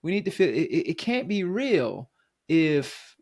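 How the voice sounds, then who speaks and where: Higher-voiced man musing thoughtfully. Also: very animated, a little mellow. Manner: thoughtful, halting, many restarts. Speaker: podcast host. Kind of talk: reflective conversation.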